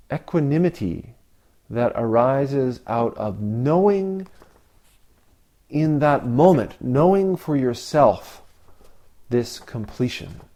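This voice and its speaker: A man giving a reflective Zen dharma talk, asking rhetorical questions with long pauses. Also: medium pitch, warm tone. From Canada. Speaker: Zen teacher.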